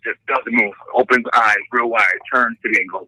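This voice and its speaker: A middle-aged man, a tattoo artist, telling a story in casual podcast talk, animated and profane, acting out the people in it. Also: medium pitch, brisk, no echo, poor audio. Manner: animated, profane, acts out voices in stories.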